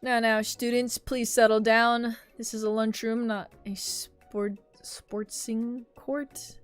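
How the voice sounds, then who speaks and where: Playful woman streamer with a slightly high voice, reading game text over faint music. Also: clean tone. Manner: playful, laughing, voices characters. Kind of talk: reading a dating sim aloud.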